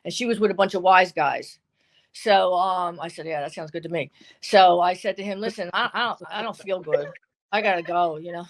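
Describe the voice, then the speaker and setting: A woman's voice: on the low side, a little fast. An older woman, a guest, telling a long dating story casually and acting out the people she quotes. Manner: animated, acts out quotes.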